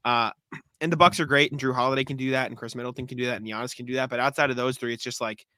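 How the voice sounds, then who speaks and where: A man co-hosting a casual sports podcast, recapping a game with frequent throat clearing and stammered restarts. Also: medium pitch, steady tone, very fast, pushed and bright, no room sound, studio quality. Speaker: podcast co-host.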